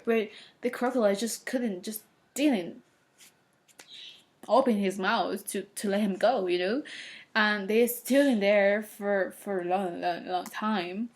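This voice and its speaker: A woman's voice: fairly high pitch, darkish tone. A woman casually retelling a children's story, hesitant, with many fillers and restarts.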